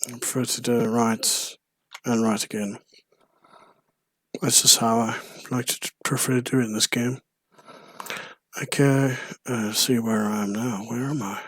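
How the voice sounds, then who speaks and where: A man's voice: mid-range voice, steady tone, measured pace, long pauses, fairly bright tone, slightly rough, no room sound, studio quality. A man giving playful, rambling commentary on a video game, with frequent chuckles. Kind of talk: let's play commentary.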